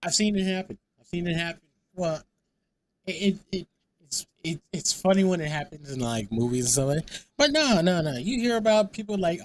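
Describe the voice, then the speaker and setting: High-voiced rambling male streamer. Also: expressive, moderate pace. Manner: rambling, repeats words, laughs often. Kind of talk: casual stream chat.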